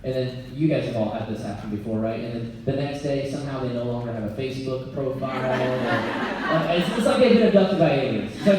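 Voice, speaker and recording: A man coaching business owners from a stage, blunt and energetic, laughing at his own jokes. His voice sits high for a man and lands from a distance, swimming in heavy hall echo over a faint room hum. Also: moderate pace, crowd noise. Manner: blunt, energetic, jokey, often laughing mid-sentence. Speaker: business coach giving a motivational talk. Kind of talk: live motivational keynote. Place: event venue before an audience. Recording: very echoey hall, voice picked up from far off.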